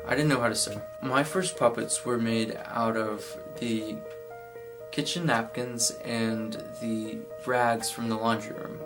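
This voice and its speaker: A man's voice: medium pitch, steady tone, measured pace, low-quality recording. Teenage boy telling his story over music. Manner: candid, reflective, shifts into playful voices. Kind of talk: personal storytelling. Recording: music playing underneath.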